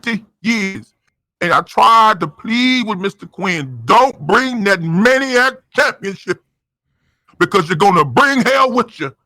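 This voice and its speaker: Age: adult. Role: excitable wrestling commentator. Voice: bright, dry. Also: male voice, high voice, unhurried, dry recording. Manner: dramatic, excitable, hype. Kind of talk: over-the-top comedic wrestling commentary.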